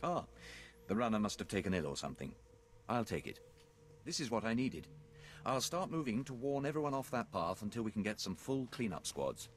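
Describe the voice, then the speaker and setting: An actor voicing a busy male imperial officer in a video game, brisk and matter-of-fact. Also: fairly low pitch, sing-song, slight background noise.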